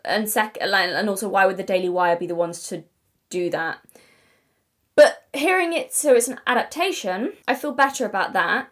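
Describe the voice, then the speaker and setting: A woman's voice: mid-range voice, lively intonation, normal speed. Chatty, exasperated British woman. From Britain. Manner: chatty and digressive, with frequent restarts and apologies; emphatic and exasperated, with swearing. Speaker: video essayist. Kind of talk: casual commentary to camera.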